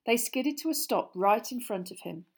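A woman reading an audiobook chapter in a hushed, suspenseful storytelling manner. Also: a little high, animated, moderate pace, husky. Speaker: audiobook narrator. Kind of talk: scripted narration.

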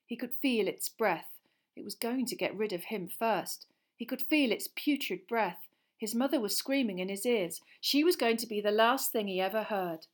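A woman reads a fantasy novel aloud at a middle pitch. Her narration is tense and expressive, and it builds suspense line by line. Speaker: audiobook reader. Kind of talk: dramatic storybook narration.

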